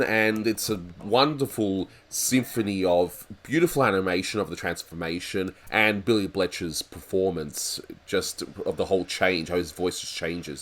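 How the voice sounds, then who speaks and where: Deep-voiced man chatting about cartoons. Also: a bit bright. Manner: chatty, laughs often, restarts. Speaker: host of a cartoon review show. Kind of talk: casual review chat.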